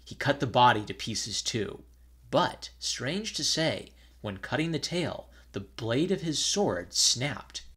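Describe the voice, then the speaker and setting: A man reading an old fairy tale aloud in a measured storytelling manner. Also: medium pitch, big pitch swings, fairly bright tone, slightly rough.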